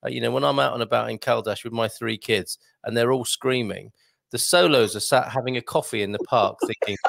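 A man hosts a relaxed live show, talking in an easy, playful way and reading comments aloud. His voice sits in an ordinary middle range, and the recording is dry and close. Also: medium pitch, brisk, vocal fry, no room sound. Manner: chatty, playful, reads viewer comments aloud. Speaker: host. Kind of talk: casual livestream chat.

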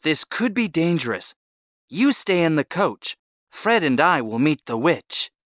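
A woman's voice: sits low, very animated, measured pace, no echo, studio quality, voice pushed down. A woman voicing an earnest, slightly nervous young prince in a storybook reading.

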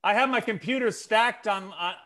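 A man's voice: high-pitched, moderate pace, bright, forceful tone. A man doing stand-up comedy on a video call, rambling through profane, goofy riffs with lots of swearing.

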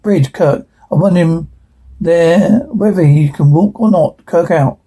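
A man's voice: on the high side, takes it slowly, warm tone, husky, full character voice. Kirk, a man reading as a curt starship captain. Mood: stern. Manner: curt, giving orders. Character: commanding male starship captain.

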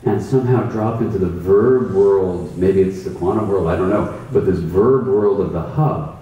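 A man's voice: low voice, moderate pace, phone-quality sound. A man, a mindfulness teacher, explaining his practice in a thoughtful storytelling way. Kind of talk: reflective conversational explanation. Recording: roomy echo, distant mic, faint ambience.

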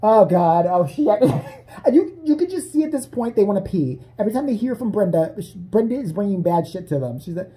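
A man's voice: high-pitched, big pitch swings, fairly quick, warm tone. A man in a casual comedic rant who swears a lot, laughs often, and keeps jumping into voices. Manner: profane, laughing, jumps into voices. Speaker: vlogger.

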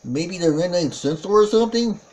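A man calling a tag team wrestling match play by play, excitable, with frequent exclamations and self-corrections. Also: high-pitched, fairly quick. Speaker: wrestling commentator. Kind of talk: play-by-play commentary.

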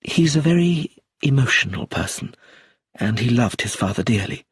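A husky-voiced man reading an audiobook, voicing a composed middle-aged woman who speaks quietly and with restraint. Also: medium pitch, expressive, normal speed, no echo, studio quality, voice pushed up. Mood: calm.

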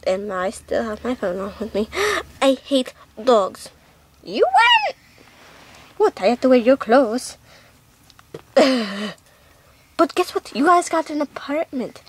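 A woman's voice: sits high, wildly swooping pitch, takes it slowly, long pauses, slight background noise. A woman making a doll show, doing every character in playful switching voices, recorded at home. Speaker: doll video maker voicing all characters.

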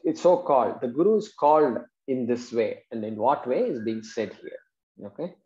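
A man's voice: mid-range voice, expressive, moderate pace, warm tone. A man, patiently explaining Sanskrit verses in a class and checking in with his students. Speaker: Vedanta teacher. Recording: dull, roomy classroom recording.

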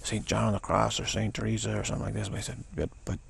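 A man's voice: lowish voice, little pitch movement, fast talker. An older man giving a rambling spiritual talk, meandering and repeating himself, dropping to a whisper for emphasis. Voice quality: gravelly, husky. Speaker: spiritual teacher.

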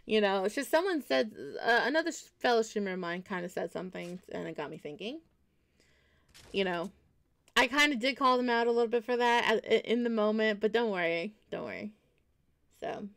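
A woman's voice: medium pitch, expressive, fairly quick, creaky. A woman game streamer chatting casually with her viewers while she plays, rambling and correcting herself as she reassures them.

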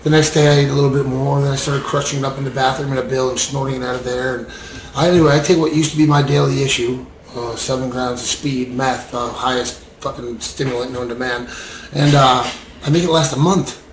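A man speaking candidly to an audience about addiction and recovery, animated, laughing often and acting out the voices in his head. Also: medium pitch, fairly quick, reverberant, a little hiss or hum, rough recording.

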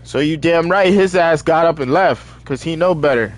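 A young man streaming a video game, chatting casually in heavy slang and telling animated stories between excited outbursts. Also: fairly high pitch, moderate pace. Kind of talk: casual stream chat while gaming.

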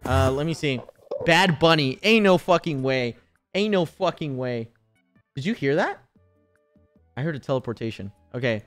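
A man's voice: a little high, expressive, moderate pace, long pauses, a bit bright, soft background music. A man in his twenties streaming a game, chatting casually with lots of profanity, teasing and laughter. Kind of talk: casual live-stream chat while gaming.

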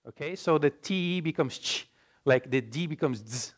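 A man's voice: medium pitch, animated, normal speed. Brazilian-accented man giving a talk. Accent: Brazilian Portuguese. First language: Portuguese. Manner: explanatory, checks in with "okay?". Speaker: language presenter. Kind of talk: conference talk explaining slides. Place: lecture room.

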